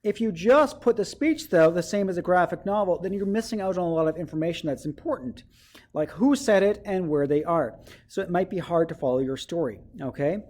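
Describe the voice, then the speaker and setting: A man's voice: high voice, expressive, a little fast, a little mellow. A male teacher giving a writing lesson to children, explaining step by step and often checking in with "okay?".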